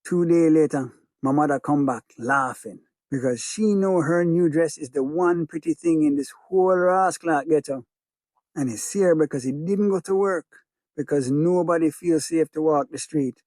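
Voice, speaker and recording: A man with a Jamaican accent reads a first-person story in patois, in a rhythmic, hushed way. His voice is slightly high for a man, and the close studio mic leaves it dry. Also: normal speed, no echo. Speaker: audiobook narrator. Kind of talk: first-person audiobook narration of a child's memory.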